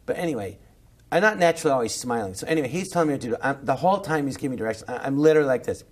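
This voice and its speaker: A middle-aged man, a comedian, telling an animated anecdote in a podcast interview and acting out the voices. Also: medium pitch, very fast. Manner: animated, acts out every voice, jumps to shouting when excited. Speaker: guest comedian.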